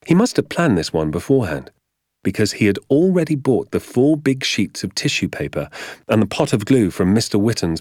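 A man narrating a storybook, his very deep voice moving through a wide, lively range. He tells it in a measured, expressive way, recorded close and dry. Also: no room sound. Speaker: audiobook narrator. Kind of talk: scripted narration.

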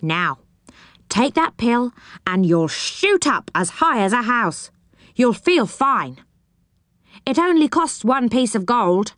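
A touchy goblin shopkeeper brags about his spells, as a woman reads him aloud. He talks slowly and grandly, haughty and quick to take offence. The sound is dry and close. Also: on the high side, sing-song, a bit bright, no echo, pitched above the performer's own voice, full character voice. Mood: boastful. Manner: haughty salesman, quick to rage. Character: grumpy boastful male goblin shopkeeper, blue-eared. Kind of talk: storybook reading.

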